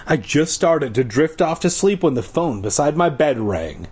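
A man's voice: a little high, sing-song, moderate pace, a little mellow, breathy edge. A man reading a novel aloud in an informal way, with asides and self-corrections. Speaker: reader.

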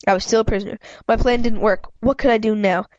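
A woman's voice: on the high side, fairly even intonation, fast talker, no echo, dull audio. Woman reading a children's book aloud, dry. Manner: plain reading with frequent slips and self-corrections. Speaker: reader of a book. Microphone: home microphone, self-adjusted.

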